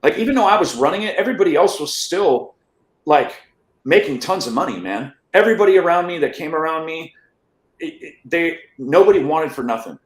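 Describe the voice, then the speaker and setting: A man's voice: on the high side, lively intonation, a little fast. Man telling a story in a roomy space. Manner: rambling, restarts with repeated words, asks "right?" often. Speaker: interview guest. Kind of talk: casual storytelling in a podcast interview.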